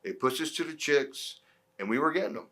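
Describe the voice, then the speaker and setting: A middle-aged former wrestler telling profane, animated stories in an interview, acting out quotes from others. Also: male voice, fairly high pitch, brisk. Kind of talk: shoot interview storytelling.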